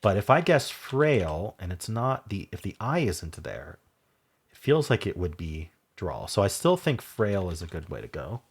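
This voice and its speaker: A man with a deep, slightly husky voice hosts a word-puzzle video, reasoning aloud as he works through guesses. He spells out letter combinations and lets his sentences fade off softly, with keys clicking in the background. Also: very animated, a little slow. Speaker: Wordle video host. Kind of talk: thinking aloud while solving a word puzzle.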